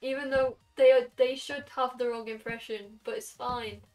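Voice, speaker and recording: A late-teen woman with a Welsh accent, chatting casually with her stream chat. Her voice sits a bit high, and she fires off quick asides. She sounds a little far from the mic, with faint music underneath. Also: steady tone, a little mellow. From Wales. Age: late teens. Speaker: game streamer. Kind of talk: casual live-stream chat while gaming.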